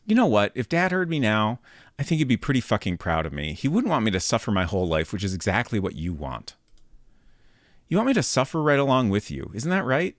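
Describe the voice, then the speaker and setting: A man voicing a furious, sulky teenage girl in a game, yelling sarcastic outbursts at her mother. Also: lowish voice, big pitch swings, brisk, dry recording, clean studio sound. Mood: defiant.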